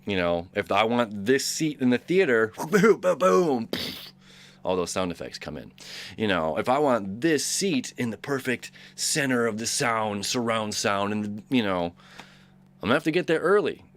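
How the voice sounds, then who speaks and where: A man's voice: fairly low pitch, lively intonation, moderate pace. A man hosting a daily astrology talk, rambling and enthusiastic with lots of fillers and restarts. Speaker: astrology channel host. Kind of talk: casual daily horoscope talk.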